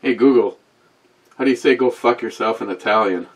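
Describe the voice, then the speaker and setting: A wisecracking man in his sixties with a fairly low voice hosts a beer review in loose, rambling chat to camera. He swears freely, wanders off topic and trades jabs with his voice assistant. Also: a little fast. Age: 60s. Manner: talks back to a voice assistant.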